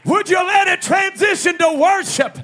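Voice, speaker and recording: A man preaching a sermon to a church congregation, emphatic and shouted, with slow drawn-out refrains. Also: very high voice. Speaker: pastor.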